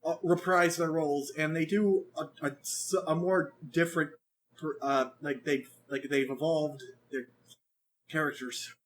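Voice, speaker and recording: A man with a high voice co-hosts a casual podcast chat. He talks in an animated, rambling way, swears freely and restarts his sentences often. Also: a little slow. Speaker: podcast co-host reviewing an anime.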